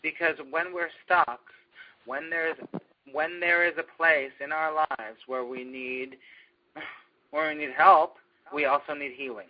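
A man's voice: fairly high pitch, fairly even intonation, a little slow, husky. Rambling man leading a spiritual group. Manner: rambling, with many fillers and restarts. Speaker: meditation group leader. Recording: dull lo-fi recording.

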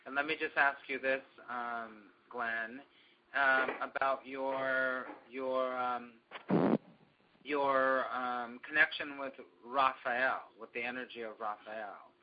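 A man guides a spiritual discussion group, talking in loose, rambling stretches full of fillers and restarts. His voice sits in an ordinary middle pitch. The recording sounds dull and lo-fi. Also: fairly even intonation, takes it slowly, noisy background. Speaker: meditation group leader.

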